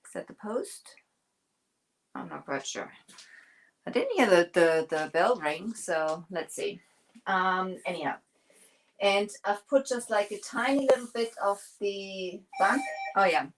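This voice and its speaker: A woman's voice: medium pitch, animated, measured pace, pauses often, rough recording. A woman hosting a livestream, chatting casually and rambling with many fillers while she paints furniture.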